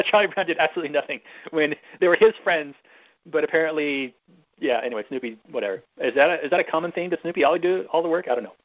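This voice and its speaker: A man's voice: a little high, expressive, quick pace, muffled recording. A man hosting a podcast, recapping a movie in a rambling, chatty and irreverent way. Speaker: podcast host. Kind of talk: casual chat, movie recap.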